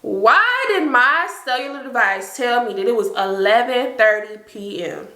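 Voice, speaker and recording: A young woman, telling an animated, slangy storytime to her viewers. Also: fairly high pitch, unhurried, roomy sound, faint music behind. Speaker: storytime vlogger. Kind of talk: casual storytime.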